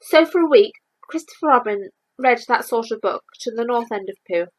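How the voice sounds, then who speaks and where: A woman reading a children's storybook aloud, lively and expressive. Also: on the high side, moderate pace, poor audio.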